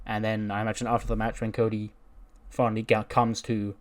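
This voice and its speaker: A man's voice: on the low side, completely flat delivery, brisk. A man giving casual commentary on a wrestling booking game, retelling scenes in a chatty way. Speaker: game video creator.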